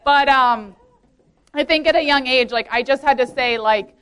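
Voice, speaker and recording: A woman's voice: sits high, moderate pace, a bit bright, slight background noise. A woman in her late twenties giving a casual, earnest testimony talk, chatty, filling her speech with "like" and laughing often. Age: 20s. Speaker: youth leader speaking at a women's meeting.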